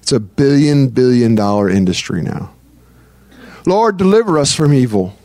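A man's voice: mid-range voice, very animated, normal speed, warm tone. A man preaching a conversational sermon as pastor. He speaks earnestly and breaks into prayer as he teaches. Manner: earnest, prays aloud mid-talk.

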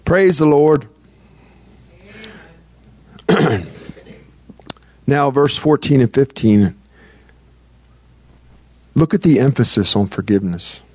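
A man's voice: mid-range voice, slow pace, long pauses, a little mellow, no room sound. Earnest male pastor preaching in a dry room. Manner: earnest, prays aloud mid-talk. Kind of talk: conversational sermon.

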